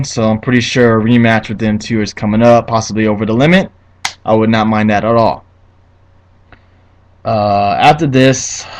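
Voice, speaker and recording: A young man giving a casual solo review of a wrestling show, profane and quick to get heated, with many restarts and fillers. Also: on the low side, low-quality recording. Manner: profane, ranting, easily heated.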